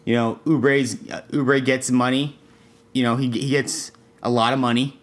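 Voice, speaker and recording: A young man co-hosting a casual sports podcast, talking things through in a measured, analytical way with ums and restarts. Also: mid-range voice, flat delivery. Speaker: podcast co-host.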